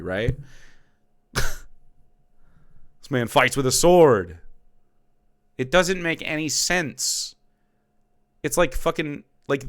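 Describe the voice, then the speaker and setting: Bright, clear-voiced ranting male streamer. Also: medium pitch, no echo, clean studio sound. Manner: heated, profane, mocking. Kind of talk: profane political rant on stream.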